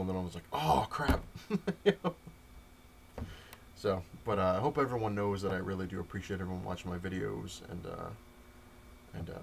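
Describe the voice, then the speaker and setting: A young man with a lowish voice tells a rambling story, packed with fillers and quoted back-and-forth. A faint hum sits under the recording. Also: creaky. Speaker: comic collector vlogger. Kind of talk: casual update rant to camera.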